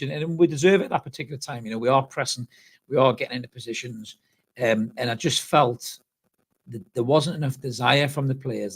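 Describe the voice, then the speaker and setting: Hosting a live football fan channel, a man reacts after the match and reads out viewers' comments. His medium-pitched, slightly rough voice sounds tired, and he's blunt and swears a lot.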